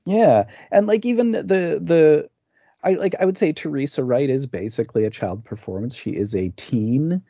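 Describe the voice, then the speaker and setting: A man's voice: fairly high pitch, normal speed, creaky, warm tone, dry recording. A man co-hosting a podcast, recapping a film in casual talk, rambling with lots of fillers and restarts. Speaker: podcast co-host. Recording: dull lo-fi dry sound.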